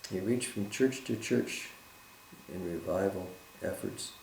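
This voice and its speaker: A man with a very deep, gravelly voice leads a Bible study in an earnest, measured way and reads scripture aloud. The room is echoey and has a faint hiss behind him. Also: darkish tone.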